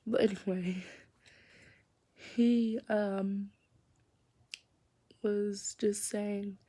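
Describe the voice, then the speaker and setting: Teen girl vlogger, casual storytime delivery, mellow tone, slips into whispers. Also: medium pitch, steady tone, drawn-out words. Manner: chatty, rambling, drops into whispers for secrets.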